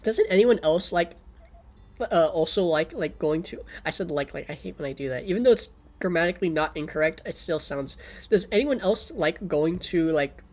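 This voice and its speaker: A young woman streams casually, rambling in a Valley Girl lilt and saying "like" constantly, her throat a little sore. Her voice is lowish and a little mellow, animated, at a moderate pace.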